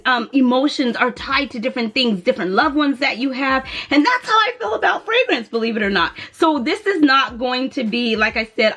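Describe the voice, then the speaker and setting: A woman's voice: fairly high pitch, fairly bright tone. A young woman chatting animatedly in a casual beauty vlog, sometimes lilting in a sing-song way, recorded indoors at home on her camera mic. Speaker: beauty and lifestyle vlogger.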